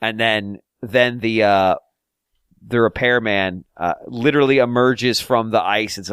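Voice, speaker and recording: This man, a podcast co-host, speaks a little slowly in a clear, resonant mid-range voice with a bit of brightness. He rambles casually about a game, using many fillers and restarting sentences, and the studio-quality audio has no echo.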